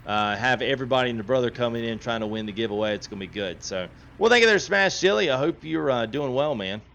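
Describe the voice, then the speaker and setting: A man's voice: mid-range voice, lively intonation, quick pace, fairly bright tone, dull audio. Chatty man streaming a game. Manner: chatty, laughs often, reads chat aloud. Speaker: gaming livestream host. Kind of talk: casual livestream chat.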